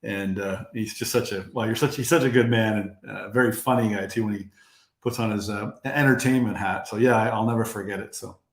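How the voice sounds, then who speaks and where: A Canadian man joining a chat as a guest over a video call, friendly and laughing easily, with halting phrases. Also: fairly low pitch, fairly even intonation. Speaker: guest consultant. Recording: echoey video call audio.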